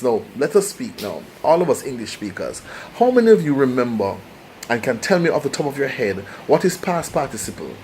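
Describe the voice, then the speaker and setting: Passionate Jamaican man with lively pitch. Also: slight background noise, poor audio. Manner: passionate, preachy, rhetorical questions. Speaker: vlogger. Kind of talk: opinionated commentary to camera.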